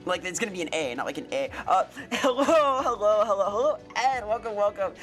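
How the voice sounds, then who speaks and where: A bubbly woman streamer chatting with her viewers, her voice sitting a little low but jumping up brightly on each greeting. She trades puns and playful asides. Soft music plays faintly behind her. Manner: bubbly, punny, swoops up on greetings. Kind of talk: casual livestream chat.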